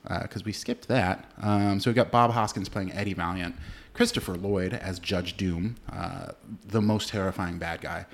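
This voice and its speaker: A man's voice: sits low, steady tone, normal speed. A man co-hosting a movie podcast, talking loosely with frequent fillers and swearing. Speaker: podcast co-host. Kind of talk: casual chat.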